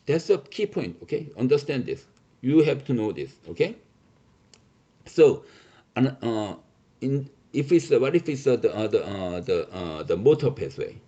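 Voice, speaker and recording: Male lecturer, emphatic, lots of "okay?", animated pitch, muffled lo-fi audio. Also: moderate pace, husky. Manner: many fillers and restarts, repeats "okay?"; emphatic, reassuring. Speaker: teacher.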